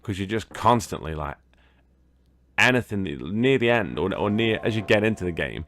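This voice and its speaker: A man's voice: fairly low pitch, expressive, normal speed, a bit bright, a little hiss or hum. A British man casually commentating as he plays a board game video game, rambling and swearing now and then. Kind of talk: casual let's-play commentary.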